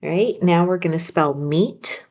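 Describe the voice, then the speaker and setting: Slow, patient woman teaching phonics. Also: on the low side, a little mellow. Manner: slow, patient, sounding out words. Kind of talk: phonics spelling lesson.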